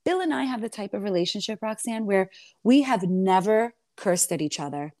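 A woman guest in an interview tells her story emphatically, firing off indignant rhetorical questions. Her voice sits at a middling pitch. The recording is close and dry, with no room sound. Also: expressive, moderate pace, darkish tone, no room sound. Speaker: reality TV star guest.

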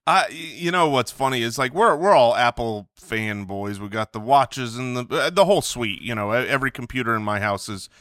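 Bright-voiced joking podcast co-host, man. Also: medium pitch, fairly quick, hardly any pauses, no room sound, studio quality. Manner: animated, joking rants with laughs. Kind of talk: casual chat.

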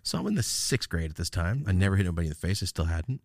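A man's voice: low voice, animated, racing, darkish tone, no echo, studio quality. A man hosting a podcast, telling a rambling, profane story in casual chat. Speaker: podcast host.

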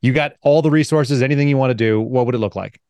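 A man hosting an interview, brisk and blunt, telling anecdotes to make his point. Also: medium pitch, darkish tone, no room sound. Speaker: podcast host. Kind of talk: conversational interview.

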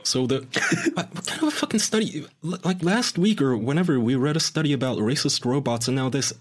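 A man's voice: fairly high pitch, expressive, a little fast. A man co-hosting a casual podcast, laying out a study to his friends and mocking it with quoted voices. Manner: explains studies, mocks with put-on quotes. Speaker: podcast co-host. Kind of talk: casual group banter.

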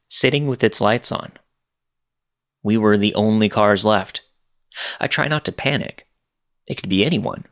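A man reading scary true stories aloud in a measured, steady storytelling delivery. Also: on the low side. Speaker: narrator.

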